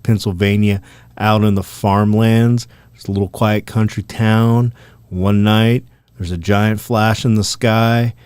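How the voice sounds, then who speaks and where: A man's voice: on the low side, clear, resonant tone, no echo. A man co-hosting a podcast, telling a rambling story in casual chat with lots of swearing. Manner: profane, animated, rambling. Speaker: podcast co-host.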